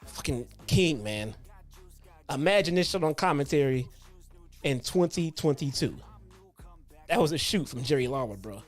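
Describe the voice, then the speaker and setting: A man hosting a casual retro wrestling review, telling stories in a loose, profane, animated way. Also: a little high, normal speed, long pauses, soft background music. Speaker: host.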